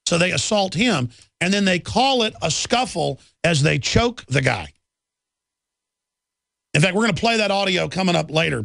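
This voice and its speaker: A man's voice: sits high, expressive, normal speed, creaky, fairly bright tone, dry recording, studio quality. A man hosting a live talk radio show, ranting indignantly about the news and often restarting and repeating words.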